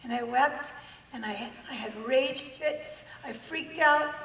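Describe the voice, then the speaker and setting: A woman giving an animated personal testimony in a church hall, full of self-mocking humor and acted-out quotes. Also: sits high, takes it slowly, distant mic, slight background noise. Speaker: guest speaker. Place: large church hall with an audience. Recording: echoey hall recorded from afar.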